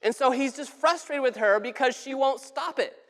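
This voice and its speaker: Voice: high voice, normal speed, fairly bright tone. A pastor giving a conversational sermon in a church sanctuary, casual and joking, with frequent restarts. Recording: long church reverb.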